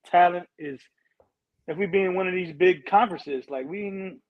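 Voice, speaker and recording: A man's voice: high voice, normal speed, a loud crowd. A man guesting on a casual sports chat, slangy and repeating himself often. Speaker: guest podcaster. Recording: dull lo-fi dry sound.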